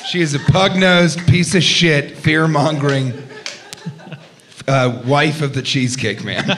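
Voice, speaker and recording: A man hosting a live comedy podcast, riffing loudly with laughter and crude jokes from a club stage. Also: a little high, slow pace, pauses often. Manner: loud, laughing, profane riffing. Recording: live club recording with crowd noise. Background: laughing live audience.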